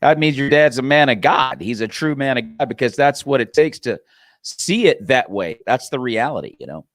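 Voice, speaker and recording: A man hosting an interview, responding with quick words of approval and agreement. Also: mid-range voice, expressive, no echo. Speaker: show host. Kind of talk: interview chat.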